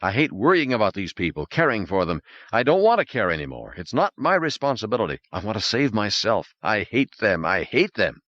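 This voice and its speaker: A man's voice: on the low side, big pitch swings, brisk, few pauses, fairly bright tone, lo-fi sound, voice pushed up. Tense, insistent man under pressure, read by a male narrator. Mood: resentful. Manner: urgent, insistent.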